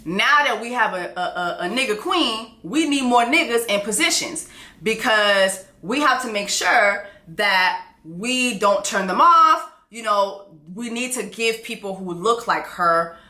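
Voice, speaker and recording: A woman's voice: fairly high pitch, expressive, unhurried, bright, forceful tone, reverberant. A woman voicing a scheming older queen mother who talks in a casual, conspiratorial way.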